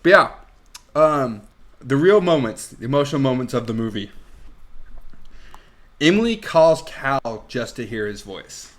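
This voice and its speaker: A man's voice: mid-range voice, expressive, a little slow, long pauses. A man in an easygoing podcast chat with an ordinary mid-range voice. He retells movie scenes with animation and laughs easily, talking candidly and a little crudely. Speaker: podcast co-host. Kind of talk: casual movie review chat.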